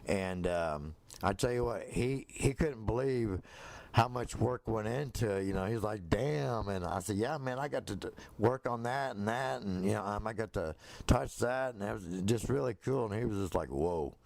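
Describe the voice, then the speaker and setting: Rambling man with a gravelly low voice. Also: moderate pace, a little mellow, no room sound. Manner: rambling, many fillers and restarts; acts out quoted voices. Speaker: storyteller. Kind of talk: casual personal storytelling.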